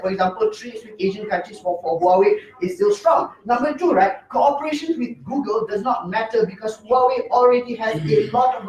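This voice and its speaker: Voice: mid-range voice, recorded from a distance. A young adult competitive debater giving an emphatic speech, rattling off numbered points and rebuttals. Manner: emphatic, heavy signposting, rapid rebuttals. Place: debate room. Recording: roomy echo, mic from afar.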